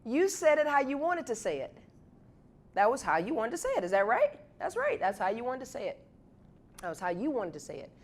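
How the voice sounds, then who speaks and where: A woman gives a motivational talk at a university event, leading the audience in a repeated chant and building up to shouts. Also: fairly high pitch, huge pitch swings, fairly quick. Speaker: guest speaker.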